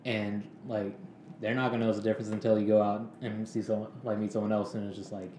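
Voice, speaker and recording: A man with a Southern accent co-hosting a podcast, chiming in with quick, offhand asides in casual chat. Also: on the low side, little pitch movement, mellow, echoey room, a little hiss or hum. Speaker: podcast co-host.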